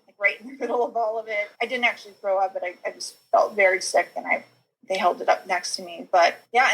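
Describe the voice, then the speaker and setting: A woman's voice: medium pitch, pushed and bright, rough recording. A young woman guest on a podcast telling her own birth story, rambling with lots of filler words and small nervous laughs. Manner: rambling, heavy use of "like" and "you know", nervous little laughs. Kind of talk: personal birth story in conversation.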